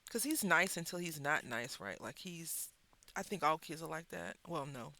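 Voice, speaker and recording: Working at her craft table, a woman who hosts a crafting channel tells a story with chatty animation and wry asides. Her voice sits low and she keeps a moderate pace.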